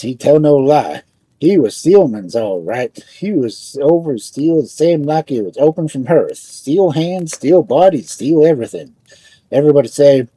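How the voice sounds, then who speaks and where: A man narrates a folk tale in broken immigrant English. His voice is husky and lively in pitch, and it is recorded dry and close with no room sound. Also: moderate pace, no room sound. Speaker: storyteller.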